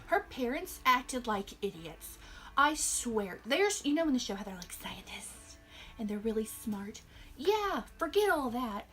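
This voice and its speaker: High-voiced young woman ranting sarcastically. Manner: sarcastic, exasperated, animated ranting. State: tired. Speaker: vlogger reviewing a movie. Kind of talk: ranting movie review.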